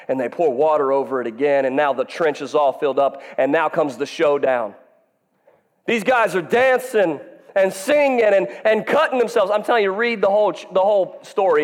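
Male pastor, high voice, animated sermon with acted-out dialogue, big reverberant hall. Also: normal speed. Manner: animated, acts out dialogue, jokes with congregation.

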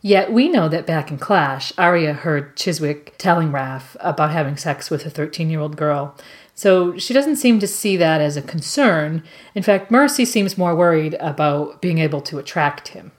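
A woman podcast co-host discussing a book in a measured, thoughtful, analytical way. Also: low-pitched, expressive. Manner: measured, thoughtful, with some fillers.

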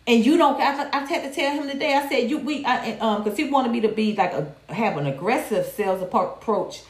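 A woman's voice: fairly high pitch, fairly quick. Woman on a livestream, cussing and real blunt, kinda echoey room. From Georgia, USA. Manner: blunt, profane and animated, reading viewer comments. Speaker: livestream host. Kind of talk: candid casual commentary. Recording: roomy echo.

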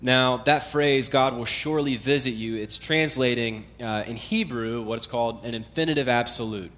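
A male pastor delivering a sermon, his voice sitting in an ordinary middle pitch. He talks to the congregation casually, with small fillers, and leans into key words with emphatic repetition. His phrases often sink lower and quieter as they close. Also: normal speed.

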